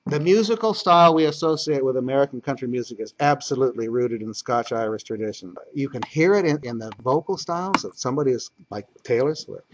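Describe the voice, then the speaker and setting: A man's voice: mid-range voice, fast, few pauses, muffled recording. A man teaching a history class as lecturer, talking conversationally and repeating key points for emphasis.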